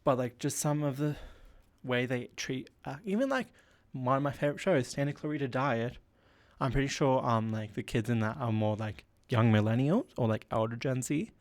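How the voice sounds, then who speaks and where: A man's voice: medium pitch, normal speed. A young man hosting a solo podcast, rambling casually with lots of filler words while he feels unwell. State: unwell with a headache. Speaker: podcast host.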